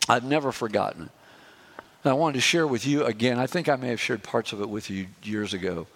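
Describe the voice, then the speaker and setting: A middle-aged male pastor preaching a sermon, stressing his points and slowing down for lists. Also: medium pitch.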